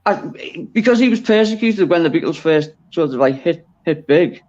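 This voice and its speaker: A man's voice: fairly high pitch, expressive, normal speed, darkish tone, lo-fi sound. A man from Liverpool with a Scouse accent, chatting casually on a video call, rambling and correcting himself as he goes. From Liverpool, England. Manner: rambling, self-interrupting, chuckling. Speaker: guest. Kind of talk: casual chat on a live stream.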